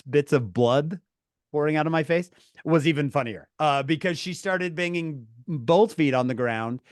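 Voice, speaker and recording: A man telling a story to his viewers, animated and laughing through his words, calling on chat by name. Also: a little high, no room sound, studio quality. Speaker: streamer talking to viewers. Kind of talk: casual storytelling.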